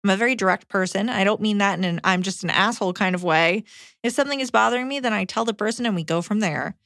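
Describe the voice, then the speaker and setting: A woman co-hosting a podcast, reading listener letters aloud in a brisk, blunt way. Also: medium pitch, creaky, a bit bright, no echo, clean studio sound.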